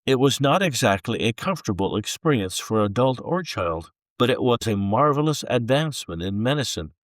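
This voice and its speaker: A man reading a chapter of a faith-based book aloud in an expressive, unhurried storytelling manner. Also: medium pitch, dry recording, studio quality. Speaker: book reader.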